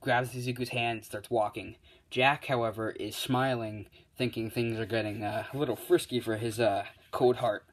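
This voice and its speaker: A man's voice: mid-range voice, steady tone, moderate pace. A young man improvising a fan-fiction story aloud, rambling with many fillers and self-corrections.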